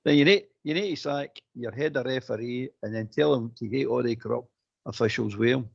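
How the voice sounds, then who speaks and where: A man's voice: mid-range voice, a little fast, vocal fry, slightly rough. Blunt ranting Scottish man. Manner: blunt, ranting, repeats himself. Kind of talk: phone-in football talk. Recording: dull lo-fi phone-in audio.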